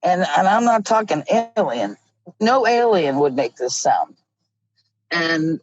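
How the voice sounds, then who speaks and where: A middle-aged woman telling a story in a casual, animated way, often laughing as she goes. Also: fairly low pitch, moderate pace, no room sound. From Ohio. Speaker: guest. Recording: dull lo-fi audio.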